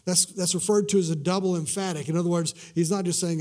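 A middle-aged man preaching a sermon as a pastor, repeating himself, dropping to a hush and slowing on key words. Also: fairly high pitch, steady tone. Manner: swings from loud emphasis to hushed, drawn-out words; repeats words and restarts mid-sentence.

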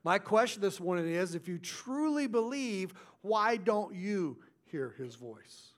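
A man preaching a sermon as pastor, his delivery swinging between loud stresses and hushed, intimate asides. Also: high voice, big pitch swings, unhurried.

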